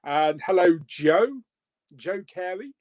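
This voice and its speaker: A man's voice: sits high, lively intonation, slow pace, a little mellow. A young man casually hosting a live movie chat stream, reading out viewer comments, joking and laughing often. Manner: chatty, laughs often, jokey.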